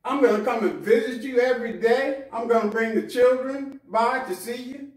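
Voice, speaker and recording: A man's voice: extremely high pitch, moderate pace, darkish tone, reverberant, far from the mic, low-quality recording. A man preaching acts out a grown son who coaxes his mother toward an old folks home. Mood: coaxing. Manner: coaxing, falsely reassuring. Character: smooth-talking grown son sending his mother away.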